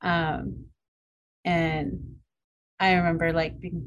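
A woman's voice: fairly low pitch, flat delivery, a little fast, long pauses, low-quality recording. A woman co-hosting a podcast in casual chat, telling stories with lots of "like"s and frequent laughter. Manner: chatty storyteller, many "like"s, frequent laughter. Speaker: podcast co-host.

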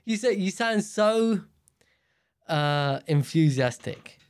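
Young man, podcast host, casual rambling chat, jokey, slightly high voice. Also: expressive, takes it slowly, noisy background. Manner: rambling, jokey, many fillers and restarts.

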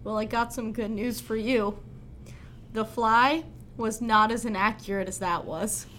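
A woman's voice: on the high side, steady tone, measured pace, fairly bright tone, slight background noise. Woman explaining insect facts casually. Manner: explains facts plainly, with "uh" and "um" fillers. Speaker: podcast co-host. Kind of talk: casual chat.

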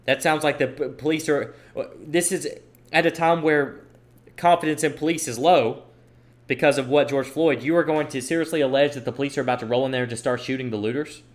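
A man's voice: mid-range voice, fairly even intonation, fairly quick. Emphatic man giving political commentary. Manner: emphatic, repeats phrases for stress. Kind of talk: opinion monologue reading tweets aloud.

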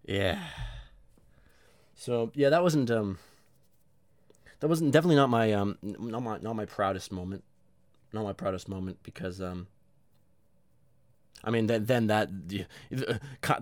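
A man's voice: fairly low pitch, no room sound. A man hosting his own show in a casual solo monologue, rambling, swearing and mocking himself with lots of energy. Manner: rambling, profane, self-mocking. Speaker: podcast host.

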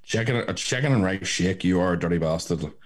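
A man's voice: sits low, animated, a little fast. A man in casual chat, blunt and jokey with heavy swearing.

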